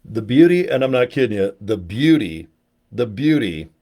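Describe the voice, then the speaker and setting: This livestream host, promoting products, has a sing-song, mellow mid-range voice and speaks at a moderate pace over slight background noise. He jokes around, wanders off topic, mocks himself, and addresses people in the chat by their names.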